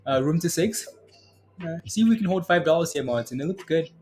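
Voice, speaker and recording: Man, livestream trading host, casual chart talk, lots of "um" and "right?", slightly higher voice, faint music behind. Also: animated, brisk, a little mellow. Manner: chatty, filler-heavy, keeps adding "right?" and addressing viewers by name. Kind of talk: casual live chart commentary reading chat.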